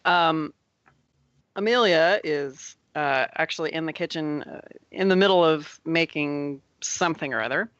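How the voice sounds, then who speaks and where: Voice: medium pitch, a little slow, a bit bright, no room sound, muffled recording. A game master narrating a tabletop game in a loose, rambling way, laughing often.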